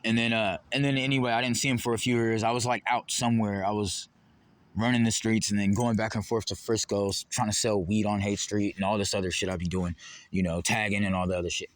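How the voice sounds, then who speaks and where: A man's voice: on the low side, little pitch movement, quick pace, dry recording. Heated rambling Bay man, dry sound. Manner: heated, rambling, profane, jumping between topics. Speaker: vlogger. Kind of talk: ranting monologue to camera.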